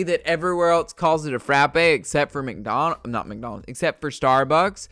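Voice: mid-range voice, normal speed, hardly any pauses, no echo. A podcast host rants and rambles through a story from the desk, cursing freely and tripping over their own restarts. The sound is close and dry, and the voice sits in a middle register. It has the easy, unpolished feel of a solo show recorded at home. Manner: profane, ranting storyteller; animated, fillers and restarts. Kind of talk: casual rambling monologue. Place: at a desk indoors.

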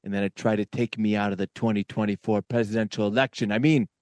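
A man's voice: on the low side, fairly even intonation, fast, darkish tone, no echo, lightly acted. A man on a comedy podcast doing an impression of a boastful politician telling a rambling tall tale. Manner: rambling, boastful, self-correcting puns. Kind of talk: comedy impression narrating a story.

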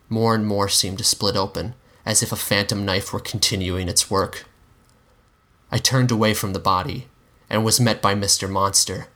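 A man giving a measured, dramatic reading of a dark fan fiction story. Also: fairly low pitch. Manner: measured, dramatic narration with acted dialogue. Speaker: story reader.

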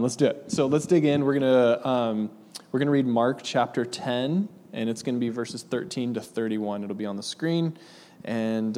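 Laid-back guy preaching, mellow voice, big echoey hall, chatty and jokey. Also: medium pitch. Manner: relaxed, chatty, laughs easily with the congregation. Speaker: pastor. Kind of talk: casual sermon with scripture reading. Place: church hall with audience. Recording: long hall reverb.

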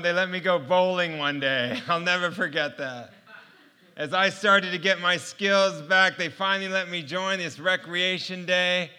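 A man's voice: high-pitched, a little slow, sharp tone, clean tone. A middle-aged man sharing a personal faith testimony, storytelling earnestly and laughing often. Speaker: speaker sharing his testimony.

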